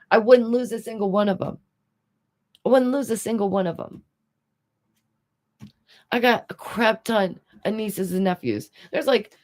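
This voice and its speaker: A woman hosting a commentary livestream, talking casually and animatedly to her audience with rhetorical questions. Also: medium pitch. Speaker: commentary streamer.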